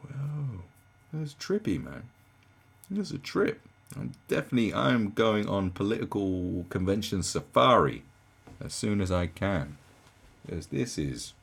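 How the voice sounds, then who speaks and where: A young man ranting in a reaction commentary, incredulous and swearing, swinging from mocking shrieks down to low, sad muttering. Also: gravelly, slightly rough.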